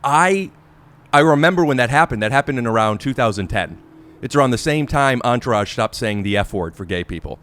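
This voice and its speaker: Podcast host, man, mid-pitched and hesitant, stops and restarts while finding his words. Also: lively intonation, fairly bright tone. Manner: halting, searching for words with many restarts. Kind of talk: casual podcast interview.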